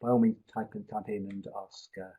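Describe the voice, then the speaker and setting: A man's voice: on the low side, level tone, fairly quick, slightly rough, muffled recording. A man tutoring a live online pronunciation seminar, explaining at length and thinking aloud with restarts, speaking into a computer mic.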